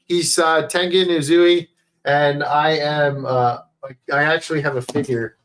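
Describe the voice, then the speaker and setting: A male streamer speaks through a headset mic in an unhurried, rambling way. His voice sits slightly high, and he swears casually and fills gaps with hesitations. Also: steady tone, fairly bright tone, a little hiss or hum. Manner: rambling, swears often, many fillers. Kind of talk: casual livestream chat.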